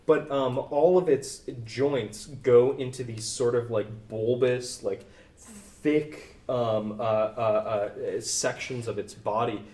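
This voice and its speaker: A man's voice: medium pitch, fairly even intonation, slow pace, darkish tone. Rambling male game master, roomy sound. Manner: rambling, full of fillers. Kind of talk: narrating a tabletop game. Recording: roomy, distant mic.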